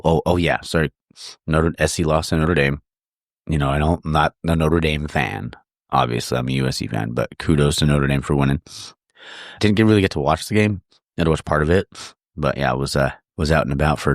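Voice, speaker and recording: A man hosting a podcast, chatting casually and rambling, his voice hoarse from singing the night before. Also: rumbling low, no room sound, clean studio sound. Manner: rambling, laid-back, swears. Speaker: podcast host. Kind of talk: casual chat. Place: home studio.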